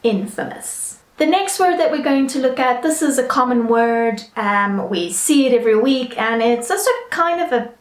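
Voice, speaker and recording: A woman with a British English accent teaching English pronunciation in a chatty way, often checking in with "all right?" and slowly modelling each word. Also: on the high side, expressive, roomy sound. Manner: slow, careful model pronunciations. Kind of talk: online English lesson.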